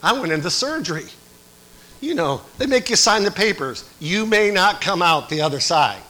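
Fiery preaching man with a bright, lively voice. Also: sits high, moderate pace, poor audio. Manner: swings from quiet to shouting exhortation. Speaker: pastor. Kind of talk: sermon.

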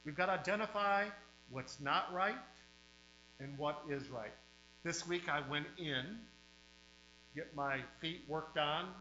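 A man preaches in a church with a forceful, sharp, slightly high voice, stretching out words and swinging between loud and soft. The room sounds echoey and the sound is a little dull, with a faint mains hum underneath. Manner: emphatic preaching with sudden swings in loudness and drawn-out words. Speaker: pastor. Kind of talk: sermon.

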